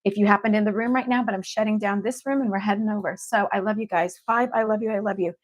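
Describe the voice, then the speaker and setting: A woman hosts a livestream as an evidential medium, chatting casually to her viewers. She is upbeat and effusive and keeps telling them she loves them. Her voice sits in an everyday middle pitch. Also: steady tone, fast. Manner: effusive and upbeat, repeats affection to the audience.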